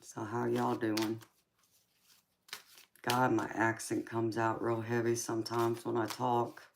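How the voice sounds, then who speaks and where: A woman's voice: a bass voice, monotone, takes it slowly, creaky, background noise. A woman hosting a live tarot stream, chatting casually and affectionately with viewers late at night. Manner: laid-back, affectionate, calls viewers honey and baby.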